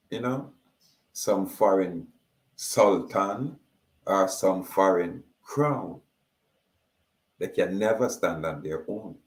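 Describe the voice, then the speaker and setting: Slow, echoey Jamaican man declaiming. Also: low voice. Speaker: speaker. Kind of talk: emphatic monologue.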